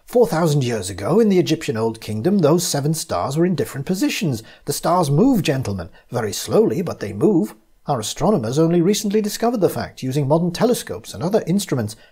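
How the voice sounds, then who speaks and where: A man's voice: a little high, very animated, fairly quick, mellow, husky, pitched above the performer's own voice. A man voicing Sir Henry, an anxious middle-aged archaeologist who talks in agitated exclamations. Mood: excited.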